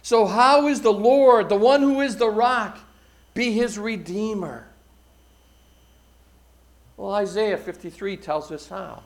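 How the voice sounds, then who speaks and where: A middle-aged male pastor preaching a sermon, his delivery swelling loud and then dropping to a hush. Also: high voice, slow, long pauses.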